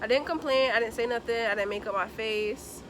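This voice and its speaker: A young woman vlogger chatting casually through a storytime as she does her makeup, lively and expressive, acting out the people in her story. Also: a little high, a little fast, noisy background. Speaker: beauty vlogger.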